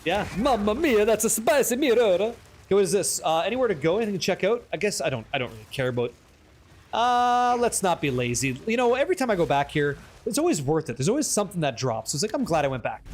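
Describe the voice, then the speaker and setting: High-voiced joking streamer man. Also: sing-song, quick pace. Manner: joking, swears freely, reads chat aloud. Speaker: livestream gamer. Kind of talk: casual livestream chat.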